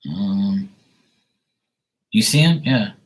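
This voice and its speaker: A man's voice: on the low side, expressive, drawn-out words. A man who reads tarot on a live stream, ranting bluntly and profanely to his viewers. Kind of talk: casual rant to viewers.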